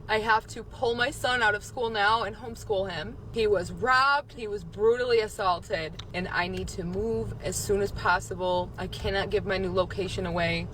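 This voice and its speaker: A woman's voice: medium pitch, a bit bright, a little hiss or hum. Urgent middle-aged woman filming outdoors. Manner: urgent, insistent, recounting. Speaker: mother posting videos. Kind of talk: self-filmed social media video.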